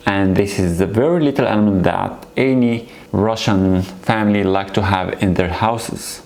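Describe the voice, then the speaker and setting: A man's voice: lowish voice, moderate pace, a little mellow. A man teaching a beginner language lesson, patiently repeating words and encouraging the learners. His first language is Arabic.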